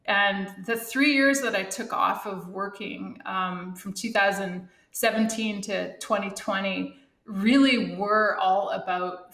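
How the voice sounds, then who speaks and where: A woman's voice: mid-range voice, a bit bright. Interview guest, middle-aged woman, heartfelt reflective talk, echoey room. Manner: earnest, heartfelt, restarts and fillers. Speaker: guest, Olympic athlete and thru-hiker.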